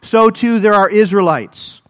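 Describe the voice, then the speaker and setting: Male preacher, high voice, fervent repeating delivery, addresses folks. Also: a little slow, fairly bright tone. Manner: exclaims and repeats phrases, addresses listeners as folks. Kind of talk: expository sermon.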